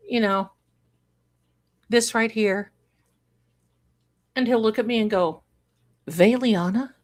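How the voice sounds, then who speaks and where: Slow-talking chatty woman hosting a livestream. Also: on the high side. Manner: chatty and rambling, breaks into singing and laughter. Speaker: livestream host. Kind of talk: casual live-stream chat with viewers.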